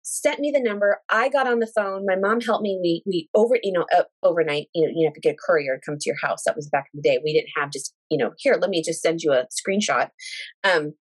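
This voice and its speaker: A woman in her thirties telling a personal story in casual conversation, animated and emotional, acting out quoted dialogue and speaking in religious, thankful terms. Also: lowish voice, fast, slightly rough. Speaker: guest sharing a personal story.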